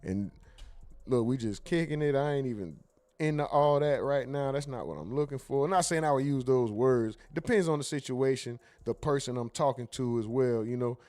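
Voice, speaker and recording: This livestream host speaks at a normal speed in a mid-range voice with a dark tone. He keeps things casual, reading chat comments aloud, cracking jokes, cursing freely and slipping into mimicry of others.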